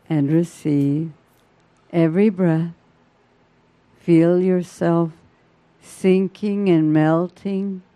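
Woman leading breathwork, super slow and soothing, clean voice, no room echo. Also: fairly low pitch. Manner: soft, soothing, drawn-out invitations. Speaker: breathwork guide. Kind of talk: guided breathing meditation.

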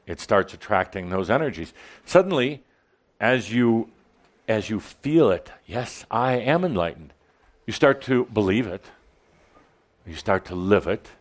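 A medium-pitched man addresses a live crowd with a channeled spiritual message, his tone mischievous and teasing. His delivery swings from loud to soft, punctuated by dramatic pauses.

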